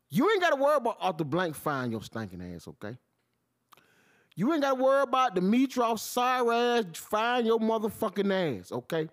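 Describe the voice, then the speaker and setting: A man, hosting his own podcast and ranting about sports in an animated, profane style. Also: normal speed. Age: 40s. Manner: animated, swings from low mutter to loud outbursts, heavy cursing. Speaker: podcast host. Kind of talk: profane solo sports rant.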